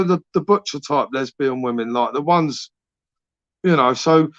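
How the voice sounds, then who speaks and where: A man's voice: fairly high pitch, dry recording. Sweary man in his forties rambling. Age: 40s. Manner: rambling, sweary, matey banter. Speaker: live stream host reading chat. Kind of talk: late-night live stream chat. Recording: dry, dull lo-fi stream audio.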